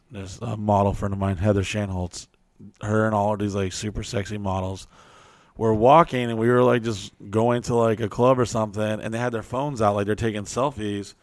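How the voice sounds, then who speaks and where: Profane, animated man on a podcast. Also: on the low side, no room sound. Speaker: podcast host. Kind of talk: casual storytelling chat.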